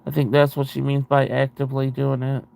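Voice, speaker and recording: A man's voice: mid-range voice, monotone, a little fast, vocal fry, darkish tone, clean tone. A man hosting a casual video chat, reading viewer comments aloud with a rambling, self-interrupting way of talking and frequent laughs.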